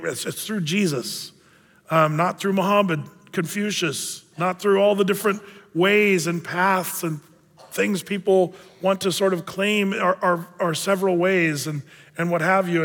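A man's voice: sits high, moderate pace, fairly bright tone, big-room sound. A man preaching a sermon as a pastor, in a conversational way with joking asides.

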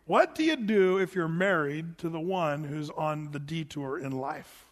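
A man preaching a sermon as a pastor, conversational and animated, with casual asides. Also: on the high side. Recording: long hall reverb.

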